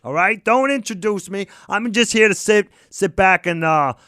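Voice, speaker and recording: A man on a podcast voicing a rude, bossy, middle-aged male comedian who demands respect in a gruff, belligerent way. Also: high-pitched, very animated, a little slow, fairly bright tone, dry recording, clean studio sound, heavily acted. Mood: irritated.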